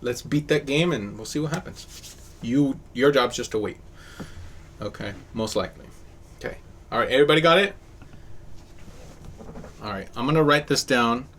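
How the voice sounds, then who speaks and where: Male host, casual chart-analysis chat, mid-pitched, easygoing delivery. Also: normal speed, long pauses, fairly bright tone, slight background noise. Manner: casual, upbeat, talks through charts. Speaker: host of a crypto chart show.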